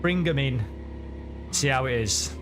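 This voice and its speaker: Chatty sim racing streamer. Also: male voice, mid-range voice, a little slow, noisy background. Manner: chatty, rambling, self-correcting. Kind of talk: live gameplay commentary.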